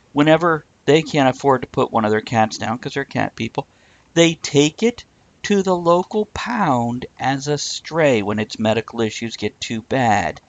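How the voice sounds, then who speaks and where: A man's voice: mid-range voice, dull audio. A man hosting a casual chat, telling stories and acting out the quotes. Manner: animated storyteller acting out quotes. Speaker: host.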